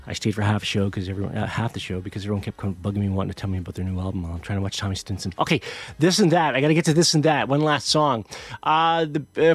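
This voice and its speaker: In a medium-pitched voice with no echo, a middle-aged music show host spins a casual story, wandering and self-deprecating, with frequent restarts.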